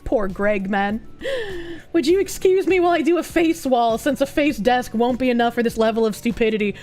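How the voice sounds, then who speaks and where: A woman streamer giving casual reaction commentary, talking fast with sarcastic, profane remarks. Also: a little high, darkish tone, soft background music.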